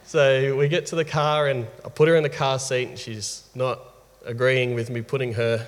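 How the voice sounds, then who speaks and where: A man in his thirties with an Australian accent, telling a candid personal story as a father, lively and laughing often. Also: mid-range voice, moderate pace. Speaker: guest father. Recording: reverberant room.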